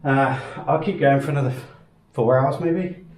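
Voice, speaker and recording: A man's voice: medium pitch, normal speed, a little mellow. Chatty man in an echoey room. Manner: chatty, rambling, self-deprecating. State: out of breath. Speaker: vlogger renovating his house. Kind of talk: casual home vlog. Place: house under renovation, indoors.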